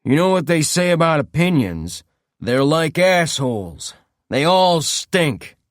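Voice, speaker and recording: A man doing a cruel gang leader who sneers with menacing calm, his voice swinging up and down as he taunts. Dry, close audiobook sound. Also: fairly high pitch, slow pace, no echo, voice pushed up.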